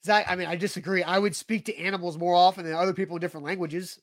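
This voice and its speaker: A man co-hosting a sports podcast in casual chat, relaxed and firm in his views, who also closes the show. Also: high voice, rapid-fire, no room sound, studio quality.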